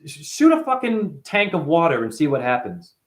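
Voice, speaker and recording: A man in chronic pain delivering a rambling, free-associating spiritual monologue, swearing often and swinging between loud outbursts and low mutters. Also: sing-song, normal speed. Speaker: spiritual talker.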